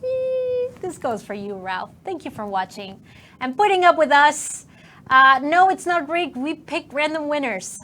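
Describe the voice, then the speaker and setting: A woman's voice: high voice, animated, normal speed, pushed and bright. A woman co-hosting a game stream in casual, upbeat chat.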